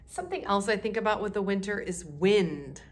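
In a mid-range voice, a woman teaches music to kindergarten kids. She keeps her speech slow and clear and encourages the children to participate.

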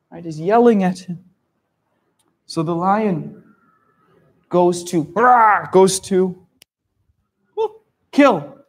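Using a high voice with a breathy edge, a man teaching English brings a story lesson to life for learners. He gasps for effect and keeps checking that they understand.

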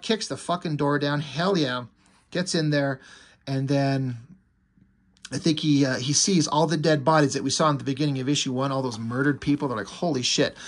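A man's voice: on the high side, a little fast, fairly bright tone. A man casually reviewing a comic book, enthusiastic and swearing freely, with many fillers. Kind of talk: casual comic review, reading quoted dialogue.

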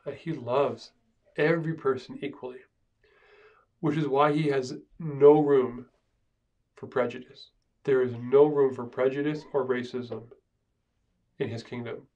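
The pastor's voice here is on the high side with a darkish tone, picked up far from the mic. His Bible survey lecture is informal, dotted with "right?" asides and restarts.

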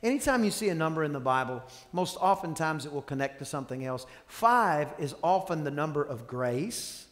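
Male pastor, fairly high voice, storytelling sermon, calls to the congregation, long church-hall reverb. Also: animated, normal speed, hardly any pauses, fairly bright tone. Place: church sanctuary.

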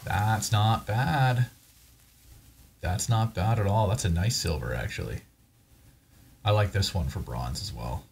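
A man's voice: deep voice, big pitch swings, moderate pace, creaky, a little hiss or hum. A man hosting a gaming channel, casually commenting as he opens card packs, with a wry, self-deprecating way of thinking aloud. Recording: voice over loud background music.

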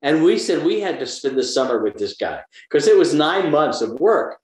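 An actor in his seventies from the American South tells lively anecdotes as a guest in a casual interview, acting out the voices he quotes. His voice is a little high and his pace normal, and the echoey room gives the recording a roomy sound.

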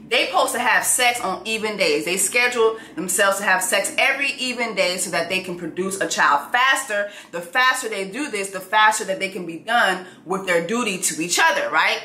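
A woman recapping a TV show in a casual, comedic way, full of slang, who acts out characters in high voices. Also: expressive, brisk, sharp tone, roomy sound, slight background noise.

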